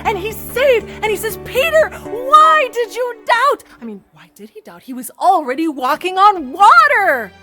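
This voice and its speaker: A woman's voice: extremely high pitch, sing-song, moderate pace, few pauses, sharp tone, soft background music, heavily acted. A woman playing a chatty female water droplet in a comic children's sermon skit, telling her story with gushing drama. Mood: dramatic.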